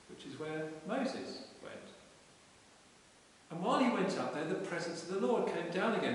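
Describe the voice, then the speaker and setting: A man preaching a relaxed, conversational sermon in a parish church, retelling stories informally with frequent restarts. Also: fairly high pitch. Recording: echoey church hall from far off with hiss.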